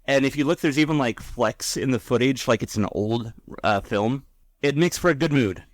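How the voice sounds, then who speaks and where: A man's voice: medium pitch, normal speed, dry recording. A man co-hosting a podcast, casually recapping an episode in a rambling, filler-heavy way. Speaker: podcast co-host.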